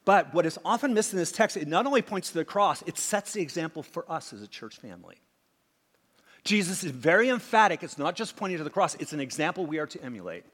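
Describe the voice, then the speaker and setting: A man preaching a sermon, swinging from emphatic acted-out quotes to hushed asides. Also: fairly high pitch, big pitch swings, fast talker. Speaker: pastor. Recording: long hall reverb.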